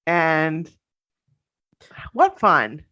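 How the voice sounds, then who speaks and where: A woman's voice: low voice, big pitch swings, very slow, pushed and bright, lo-fi sound. A woman co-hosting a casual podcast, gushing and chatty as she reads out listener stories. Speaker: podcast co-host.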